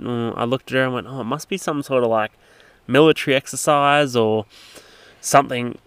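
A man narrates a road trip story in a loose, rambling way, with plenty of fillers and restarts. His voice is very smooth and crisp. The recording is dry and close, with no room sound. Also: medium pitch, a bit bright, no room sound. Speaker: travel vlogger.

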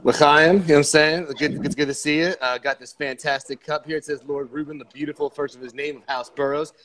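Male guest, excitable joker, sharp bright tone, restarts a lot. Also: mid-range voice, fast. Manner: excitable, joking, stumbles and repeats words. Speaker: podcast guest. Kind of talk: casual chat.

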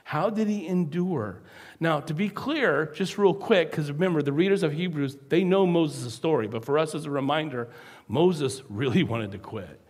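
Guy preaching in a big echoey church, kinda high voice, super animated, does little voices. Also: normal speed, husky. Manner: animated, acts out quoted voices. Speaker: pastor. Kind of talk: sermon.

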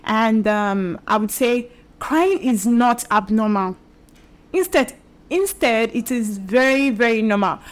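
A young woman with a slightly high voice chats casually with her audience as the host of her own show. She repeats herself, drops in fillers and now and then laughs as she talks. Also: expressive, slow. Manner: chatty, repetitive, with laughs and fillers. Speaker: podcast and video host. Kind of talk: casual solo talk to camera.

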